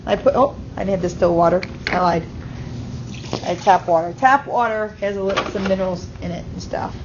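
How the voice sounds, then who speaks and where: A high school chemistry teacher delivers a brisk classroom lecture in a mid-range voice, explaining step by step and checking in with her students often. The audio, recorded on an auto-tracking camera mic, is slightly muffled with background noise.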